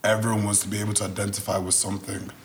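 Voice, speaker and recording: Thoughtful man in his twenties, lowish voice. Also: level tone. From Nigeria. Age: 20s. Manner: measured, thoughtful, articulate. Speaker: guest. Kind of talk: podcast interview.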